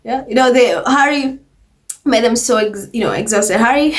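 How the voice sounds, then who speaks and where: A woman's voice: a little high, normal speed. A woman giving casual, chatty commentary on royal gossip, laughing often as she talks. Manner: chatty, laughs often, mocking quoted voices.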